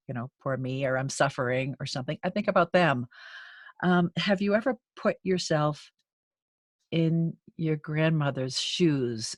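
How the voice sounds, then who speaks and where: A woman's voice: sits low, dry recording. Podcast host, woman, thoughtful questions, dry close sound. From South Shore of Boston, US. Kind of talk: casual interview.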